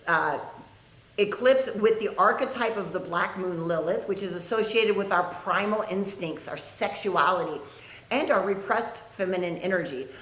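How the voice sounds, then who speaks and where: A woman's voice: on the low side, fairly bright tone. Chatty woman teacher in a roomy space. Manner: candid, chatty storytelling. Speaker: spiritual teacher hosting an online class. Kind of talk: casual live class talk.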